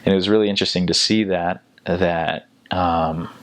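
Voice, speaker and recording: A young American man, a returned missionary, telling a story casually in a relaxed, halting way, full of fillers and restarts. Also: deep voice, dry recording. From United States.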